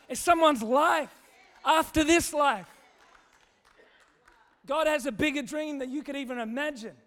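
A man preaching a sermon, telling a funny story in a relaxed, conversational way. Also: very high-pitched. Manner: conversational, humorous, animated storytelling. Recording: long hall reverb.

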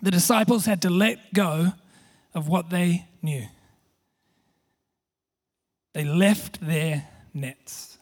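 High, husky pastor preaching. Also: male voice, slow, long pauses, darkish tone. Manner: storytelling with self-deprecating humor, frequent restarts. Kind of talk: sermon.

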